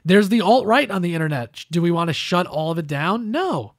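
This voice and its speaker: A man co-hosting a podcast, talking politics in casual, animated bursts and often slipping into quoted asides. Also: high voice, fairly quick, no echo, studio quality. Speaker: podcast co-host.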